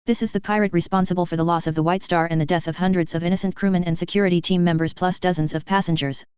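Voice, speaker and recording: A woman's voice: fairly low pitch, steady tone, fast, darkish tone, smooth, no echo, highs cut off, natural voice. A woman doing a defensive older corporate man. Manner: defensive, indignant.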